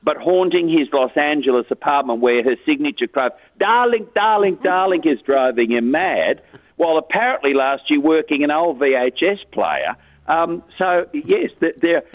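A man's voice: a little high, lively intonation, normal speed, no room sound. Brief: man calling into radio with gossip, chatty and chuckling, tinny phone sound. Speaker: entertainment news contributor. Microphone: phone line.

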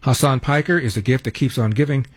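A man's voice: medium pitch, quick pace, noisy background. An older man hosting a talk radio show, brash and sarcastic as he reads promos and sets up clips. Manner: brash, sarcastic, reads ads and phone numbers.

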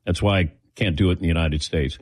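A middle-aged man with a fairly low voice tells a relaxed personal story as the host. He slips into little impressions of the people he quotes. The sound is dry and close. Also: quick pace, breathy edge, no room sound. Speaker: host taking audience questions. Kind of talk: casual storytelling.

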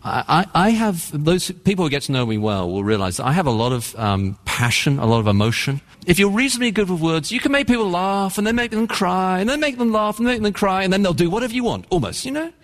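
Earnest preacher man with lively delivery. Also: sits high, long reverb tail. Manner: earnest, emphatic, varied pacing with dramatic pauses. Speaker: pastor. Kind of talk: sermon.

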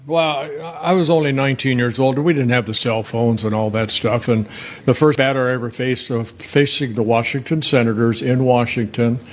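A man's voice: mid-range voice, fairly even intonation, moderate pace. Older male guest, rambling anecdotal storyteller, chuckles, slightly muffled audio. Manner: rambling, self-correcting, chuckles at his own stories. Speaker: former pitcher and guest. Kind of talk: casual interview storytelling.

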